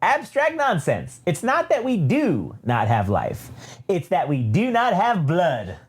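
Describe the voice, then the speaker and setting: Man putting on a high prim evil droid. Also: wildly swooping pitch, slow, slightly rough, exaggerated voice. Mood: eager. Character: scheming murderous male droid, fussy and polite.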